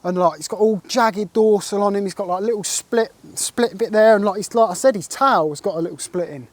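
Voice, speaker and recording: A man, telling an excitable and rambling fishing story in a casual interview, full of "like" and "mate". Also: high-pitched, brisk, dry recording. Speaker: carp angler recounting a catch.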